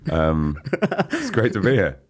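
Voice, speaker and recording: Very deep-voiced chatty man. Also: wildly swooping pitch, unhurried. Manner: chatty, laughs often, lots of "you know what I mean". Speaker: guest musician. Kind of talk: casual interview chat. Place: podcast studio.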